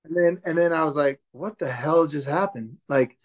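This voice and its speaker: Speaking at a moderate pace in a fairly high voice, a man in his forties shares a story during a relaxed chat as a podcast guest, though he's a show host himself. He animatedly performs the quoted dialogue in character voices, over a dull lo-fi recording.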